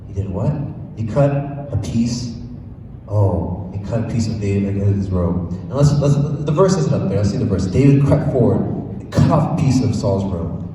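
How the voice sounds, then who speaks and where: Man teaching kids, animated, playful, echoey hall, distant mic. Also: on the low side, moderate pace, slight background noise. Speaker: youth leader. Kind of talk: Bible lesson for kids.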